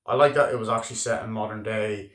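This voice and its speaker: A man's voice: lowish voice, steady tone, quick pace, fairly bright tone. A man giving a loose, chatty spoken film review, heavy on filler words and swearing freely. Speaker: movie reviewer. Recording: echoey room.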